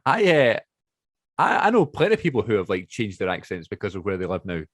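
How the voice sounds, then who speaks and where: A young man with a soft Glasgow accent, co-hosting a podcast in casual chat, rambling with lots of fillers. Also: lowish voice, huge pitch swings, brisk, no room sound, clean studio sound. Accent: soft Glasgow Scottish. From Glasgow, Scotland. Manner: rambling, many fillers, laughs easily. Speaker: podcast co-host.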